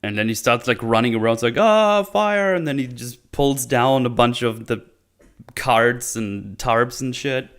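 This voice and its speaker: A man casually recapping a TV episode, sarcastic and swearing a lot, acting out characters in quick silly voices. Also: medium pitch, fairly even intonation. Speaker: show host. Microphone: desk microphone on an arm.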